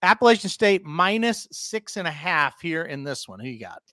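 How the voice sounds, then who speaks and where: Running through game picks in a breezy, casual way, this sports betting podcast host leads the picks and turns to his co-host for opinions. His voice is on the high side, sing-song, pushed and bright, at a moderate pace, with no echo.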